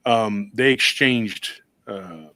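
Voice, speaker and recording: A man with a lowish voice tells a story on a paranormal talk show. He rambles and restarts often, and slips into voices when he quotes people. The sound is dry and close, with no room echo. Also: extremely slow, bright, forceful tone. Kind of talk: casual storytelling on a live call-in show.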